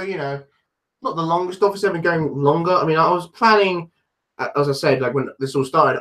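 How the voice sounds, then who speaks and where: A man with a London accent talks loosely on a live stream, answering chat as he goes. His voice sits a little high, and his talk wanders with false starts and self-deprecating remarks. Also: bright, forceful tone. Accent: London English. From London, England. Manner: rambling, self-deprecating, many restarts.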